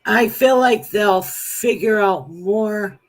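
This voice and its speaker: Halting, plain-spoken woman. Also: medium pitch. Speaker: psychic medium guest. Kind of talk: casual live-stream chat.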